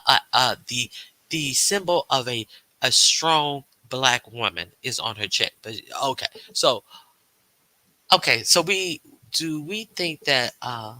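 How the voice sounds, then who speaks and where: A man hosts a casual livestream, rambling along with lots of fillers and restarts. He reads viewers' chat aloud and answers it. His voice is very bright and the recording is dry. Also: a little high, no room sound, low-quality recording. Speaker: livestream host.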